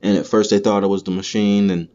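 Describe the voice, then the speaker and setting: A man's voice: lowish voice, little pitch movement, fast talker, mellow, a little hiss or hum. A man hosting a podcast, delivering a heated, profane, rambling comedic rant. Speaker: podcast host. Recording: dull lo-fi recording.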